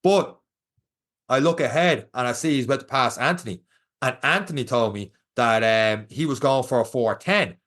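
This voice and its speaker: Young irish guy on a podcast, bright tense voice, acts out the quotes, chatty storyteller. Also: medium pitch, moderate pace. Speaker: podcast co-host. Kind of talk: casual chat.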